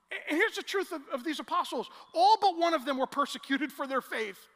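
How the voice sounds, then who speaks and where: Male preacher, storytelling sermon, pushes to loud emotional climaxes, bright tone. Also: extremely high pitch, animated, brisk, few pauses. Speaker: pastor. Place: large church hall. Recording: long church hall reverb.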